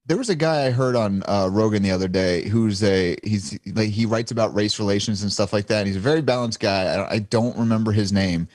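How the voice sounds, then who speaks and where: A man's voice: fairly low pitch, a little fast, hardly any pauses, darkish tone, no room sound. A man co-hosting a casual podcast, talking bluntly with lots of swearing and laughter. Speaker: podcast co-host. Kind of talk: casual chat.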